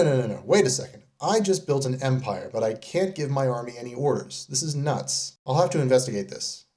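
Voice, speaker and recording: A man giving comedic scripted narration as a game reviewer, sarcastic and deadpan. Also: medium pitch. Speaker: video creator reviewing game companions.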